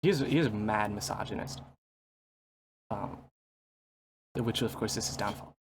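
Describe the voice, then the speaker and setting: A man's voice: on the low side, a little hiss or hum. A man co-hosting a casual podcast, teasing dryly and laughing easily. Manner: wry, teasing, quick to laugh. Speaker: podcast co-host. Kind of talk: casual chat.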